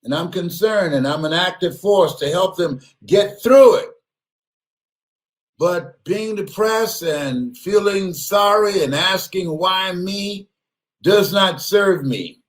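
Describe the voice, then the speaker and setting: A man giving an animated motivational speech, often laughing, repeating words and bursting into shouts. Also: high voice, slow pace. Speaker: motivational speaker.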